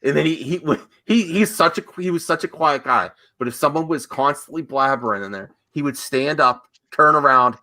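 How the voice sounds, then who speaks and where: A man's voice: a little high, animated, moderate pace, few pauses, sharp tone. A man hosting a casual movie podcast, chatting and telling stories with easy laughs. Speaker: host.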